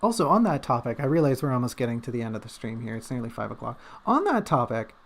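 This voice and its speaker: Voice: mid-range voice, animated, rapid-fire, gravelly. A livestreamer chatting casually and rambling, with self-mocking jokes.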